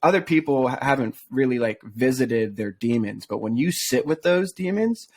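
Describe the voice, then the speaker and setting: A man hosting a podcast in a relaxed, casual way, often saying "dude" and swearing offhandedly. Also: mid-range voice, normal speed. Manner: laid-back, says "dude" a lot, swears casually. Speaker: podcast host. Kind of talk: casual chat.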